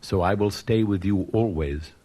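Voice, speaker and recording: Man doing a little swallow bird, plaintive, husky, lifted pitch, storybook. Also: moderate pace, warm tone. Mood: tender.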